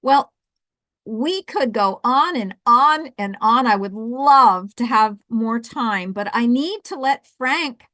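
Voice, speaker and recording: A woman with a South Jersey accent hosting a webinar, coaching with lively restarts and repeated words. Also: on the high side, slow, no echo. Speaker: webinar host and intercultural coach.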